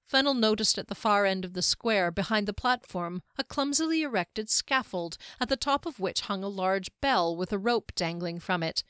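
A woman reading a fantasy novel aloud in a steady, even storytelling manner. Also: medium pitch, moderate pace, few pauses, clear, resonant tone, dry recording, studio quality. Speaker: audiobook narrator. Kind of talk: scripted fantasy narration.

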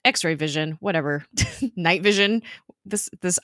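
A woman's voice: lowish voice, a little slow, fairly bright tone, no room sound, clean studio sound. A woman co-hosting a podcast, chatting casually as she recaps an episode, laughing often. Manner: chatty, laughs often, recounts scenes with quoted voices. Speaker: podcast co-host.

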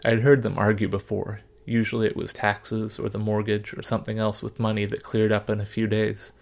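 A man narrating a story in the first person, measured, subdued and reflective. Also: fairly low pitch, monotone, creaky.

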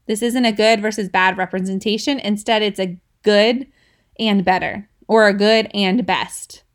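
Her voice is mid-range and steady, moving a little slowly. She's a woman in her thirties running a casual devotional podcast, chatting, laughing often, and checking in with listeners with a frequent "right?" as she teaches.

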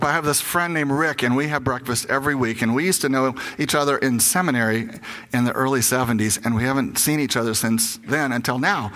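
Older man preaching with a bright voice. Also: medium pitch. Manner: candid personal storytelling, acting out his own inner voice. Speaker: pastor. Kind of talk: conversational sermon.

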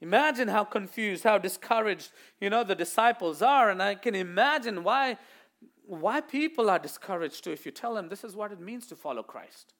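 A male pastor preaching a sermon to his church, animated, acting out the voices he quotes and swinging from loud to hushed. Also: sits high, normal speed.

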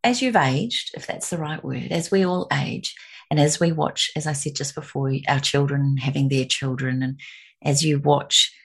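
Low, gravelly woman hosting an interview. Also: normal speed. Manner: asks long, rambling questions. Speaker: host. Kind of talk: warm interview questions.

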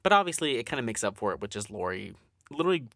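Animated man in casual chat, swearing. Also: mid-range voice, rapid-fire, no room sound, clean studio sound. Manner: animated, swears a lot, acts out quotes. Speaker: podcast co-host.

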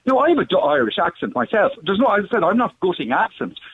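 A man originally from the Netherlands calling in to a radio show, blunt and opinionated, with a husky voice over a tinny phone line. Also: high voice, very animated, fast, slight background noise. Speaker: caller. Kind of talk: phone-in call.

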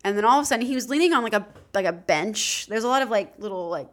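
A woman's voice: mid-range voice, lively intonation, fast talker. A young adult woman, a podcast co-host, telling a long casual story, acting out quoted voices with lots of "like".

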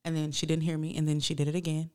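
A woman's voice: low-pitched, very fast, clean tone. A woman in her thirties co-hosting a podcast, chatting casually and acting out quotes as she tells stories. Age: 30s. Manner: animated storyteller, acts out quotes. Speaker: podcast co-host. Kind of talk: casual chat.

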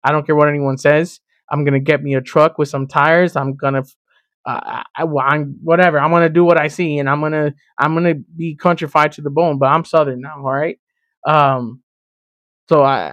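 A man from Miami hosting a sermon-style podcast, teaching in an emphatic, animated way and speaking straight to the listener. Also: a little high, a little fast, no room sound. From Miami, Florida. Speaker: podcast host and preacher.

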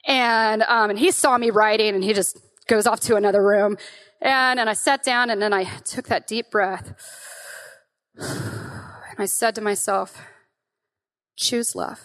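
Brief: woman in her thirties, earnest spoken testimony, halting delivery, mid pitch. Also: steady tone, a bit bright. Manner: earnest, emotional, halting with restarts and nervous laughs. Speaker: guest speaker. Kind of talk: personal testimony talk.

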